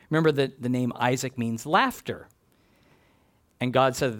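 A man preaching an expository sermon, reading scripture and building emphatic, animated lists. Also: mid-range voice, moderate pace, pauses often.

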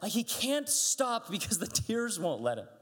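A man's voice: high-pitched, sing-song, normal speed. A man, a pastor, giving a chatty, conversational sermon, telling stories animatedly with frequent restarts. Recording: long hall reverb.

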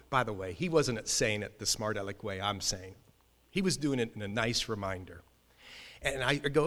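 Animated male pastor in a reverberant hall. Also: on the low side. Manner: animated, emphatic, quick restarts. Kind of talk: sermon with personal storytelling.

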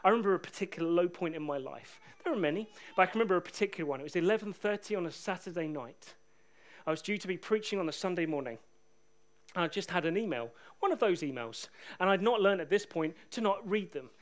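A middle-aged man preaching a sermon, animated, swinging from loud declarations to hushed, near-whispered lines. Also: high-pitched, quick pace. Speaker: pastor.

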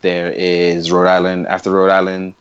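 A man's voice: sits low, completely flat delivery, normal speed, clear, resonant tone, no room sound, dull audio. Slangy young New man on a podcast. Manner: loose, slangy, laughs often. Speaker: podcast co-host. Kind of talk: casual chat.

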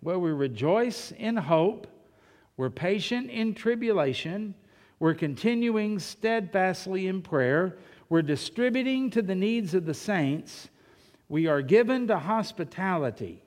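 A man's voice: high voice, expressive, measured pace, darkish tone. A male pastor preaching a sermon in a church, talking conversationally, asking rhetorical questions and telling humorous anecdotes. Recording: long reverb of a large hall.

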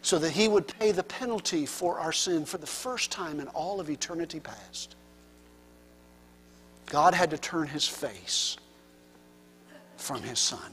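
A man preaching a sermon with passion, his delivery swinging from hushed near-whispers to loud, rising cries. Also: sits high, lively intonation, a little slow, breathy edge. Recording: long reverb of a large hall.

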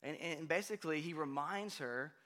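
A man preaching a sermon in a conversational way, often checking in with "right?" and swinging from hushed to loud. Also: a little high, normal speed. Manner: conversational, frequent "right?" asides, animated swings from quiet to loud. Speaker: pastor.

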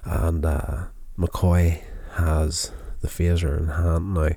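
A man's voice: low-pitched, level tone, takes it slowly, mellow, breathy edge, no echo. A tired man casually recapping a television episode, rambling with many fillers and restarts. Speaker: show recapper.

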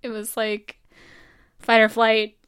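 A woman's voice: a little high, monotone, takes it slowly, fairly bright tone, smooth. A young woman from New Mexico, a medical student, casually telling her own story in a rambling way, laughing often and acting out what people said.

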